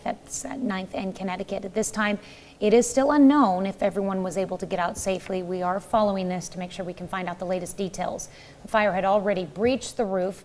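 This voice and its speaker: A woman anchoring a morning TV newscast, reading stories in a crisp newsreader delivery. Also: mid-range voice, darkish tone. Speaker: news anchor. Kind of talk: read news broadcast. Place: TV news studio.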